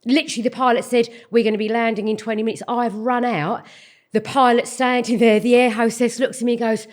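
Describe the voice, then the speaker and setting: A middle-aged woman, telling animated stories in casual chat and swearing freely. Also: fairly high pitch, fast talker. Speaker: guest.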